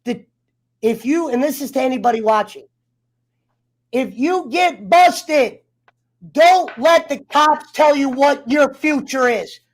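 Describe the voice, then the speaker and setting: A man's voice: extremely high pitch, slow. A man telling a personal story in casual chat, heated and profane, getting fired up as he talks. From United States. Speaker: round table guest.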